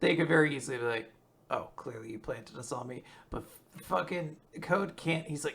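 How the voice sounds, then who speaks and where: A co-host in a casual podcast chat, reacting with easy amusement and frequent laughter. The voice has a bright, forward edge at a medium pitch. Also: fairly quick, gravelly, breathy edge.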